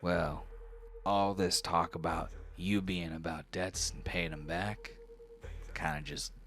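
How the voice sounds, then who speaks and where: A sly little gnome with a high, needling voice, folksy and pushy as he angles for payment, as a man puts him on. He is a small wiry fellow who sounds grasping and never lets a point drop. The pitch sits well above a normal man's. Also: fairly even intonation, slow pace, noisy background.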